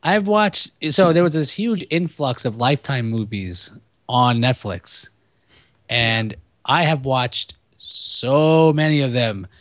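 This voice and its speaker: A man co-hosting a podcast, chatting casually about movies in a rambling, profane, animated way. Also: mid-range voice, slow pace, dry recording, clean studio sound. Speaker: podcast co-host.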